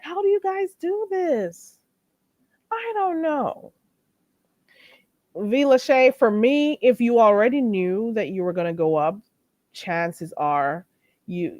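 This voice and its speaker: A woman's voice: fairly low pitch, darkish tone, no echo. Woman streamer, casual rambling chat, dry room sound. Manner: chatty, rambling, frequent asides to chat. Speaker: live stream host.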